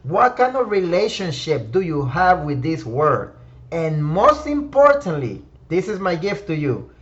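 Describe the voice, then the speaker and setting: A man's voice: on the high side, very animated, unhurried, muffled recording. A man hosting a motivational discussion room, reflective and emphatic, speaking to listeners by name. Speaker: host of a word-of-the-week discussion room. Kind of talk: motivational talk.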